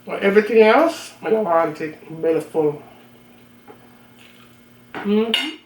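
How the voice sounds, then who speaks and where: A woman's voice: mid-range voice, expressive, slow, a little mellow, slight background noise. A woman from Jamaica with a strong Jamaican accent, hosting a cooking channel and chatting casually and bluntly in patois while she eats. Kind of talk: casual mukbang chat. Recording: roomy audio from a distant mic.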